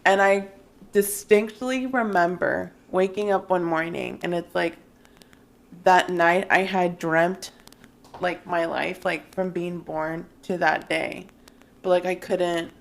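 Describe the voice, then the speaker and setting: A young woman from Mexico co-hosting a chatty podcast. Her voice sits a little low, with a gravelly fry running through it. She talks in a giggly, rambling way full of "like". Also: steady tone, slow pace. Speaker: podcast co-host. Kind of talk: casual chat.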